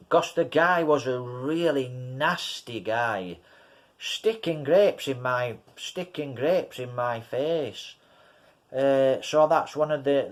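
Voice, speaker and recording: English guy rambling slowly thru a story for his viewers, keeps saying guys. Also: mid-range voice. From England. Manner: rambling, repeats himself, addresses viewers as guys. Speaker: vlogger. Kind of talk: casual storytelling to camera.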